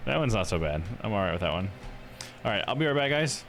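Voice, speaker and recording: A man's voice: lowish voice, a bit bright. A man casually chatting through a game on a livestream, laughing at his own slips. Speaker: streamer. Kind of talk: casual live game commentary.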